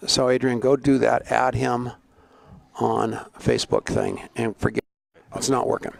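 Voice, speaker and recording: A man's voice: mid-range voice, big pitch swings, unhurried, vocal fry. A middle-aged man hosting a live online show, chatty and rambling, greeting viewers by name. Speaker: show host.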